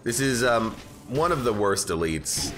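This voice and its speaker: A man talks through a video game run in a loose, rambling way and keeps restarting his sentences. His pitch swings up and down a lot as he reacts. Game music plays clearly behind him. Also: lively intonation, measured pace. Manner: rambling, self-correcting, chatty. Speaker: game streamer. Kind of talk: casual let's-play commentary.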